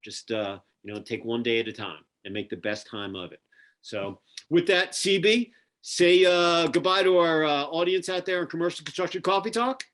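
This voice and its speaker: A man's voice: fairly high pitch, fairly even intonation, normal speed, a bit bright. A man with a Philadelphia accent hosting a casual interview over a video call, chatty and rambling with lots of fillers. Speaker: podcast host. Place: home near Atlanta.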